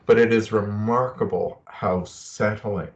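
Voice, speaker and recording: A man's voice: fairly low pitch, steady tone, a little slow. A middle-aged man giving a webinar talk, earnest and personal, telling stories from his own life. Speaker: presenter. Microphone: video call.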